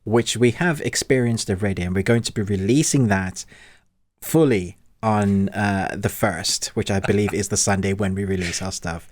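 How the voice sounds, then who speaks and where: A man's voice: fairly low pitch, moderate pace, no echo. A man hosting a casual podcast in a chatty, friendly way, moving the show from one segment to the next. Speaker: podcast host.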